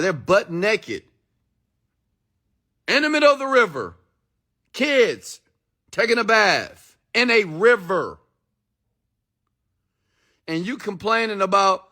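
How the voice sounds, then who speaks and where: Here the motivational speaker has a high voice with a sharp tone. He delivers a preachy, emphatic monologue, hurling rhetorical questions at his audience and cursing without restraint.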